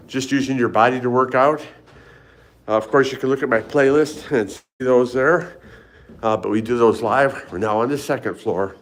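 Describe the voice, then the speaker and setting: Older man vlogging while walking hotel halls. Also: mid-range voice. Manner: chatty, greets live chat viewers by name while walking. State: slightly out of breath from climbing stairs. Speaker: fitness vlogger. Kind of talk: casual live-stream walk vlog. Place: indoors, hotel hallways and stairwells.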